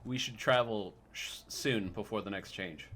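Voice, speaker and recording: A man's voice: fairly low pitch, a little slow, a bit bright, slightly rough. A man voicing a courteous, scholarly male monster hunter who speaks formally in a tabletop game. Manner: polite, formal old-fashioned speech.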